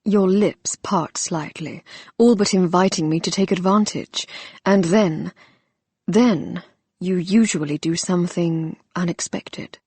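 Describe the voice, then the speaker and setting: A teasing, tender young man speaks low and slow, with soft, intimate warmth, as a woman narrator puts him on. The voice is husky and close, with no room sound. It is a romance audiobook read. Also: no echo.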